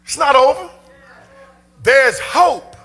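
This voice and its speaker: A man preaching a sermon as pastor, impassioned and often shouting in a preaching cadence, with colloquial church speech. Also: very high voice, takes it slowly.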